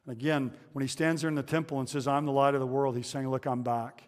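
A man preaching a conversational sermon to his congregation, pausing with fillers and restarting phrases. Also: medium pitch, little pitch movement, in a large hall. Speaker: pastor.

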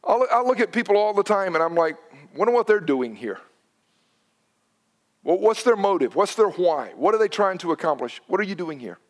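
Animated preacher man, higher voice. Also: normal speed. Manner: animated, swings from loud to hushed. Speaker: pastor. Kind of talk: sermon. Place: church sanctuary.

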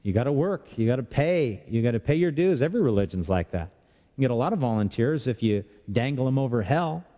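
A man's voice: mid-range voice, animated, a little fast, dull audio. A man preaching a sermon as pastor, talking in a conversational way with rhetorical questions and touches of humor. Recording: long reverb of a large hall.

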